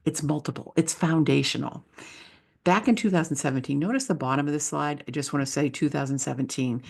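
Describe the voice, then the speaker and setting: A woman's voice: deep voice, fairly quick, gravelly, husky. A woman who is a leadership speaker and author, giving an enthusiastic, conversational presentation with slides.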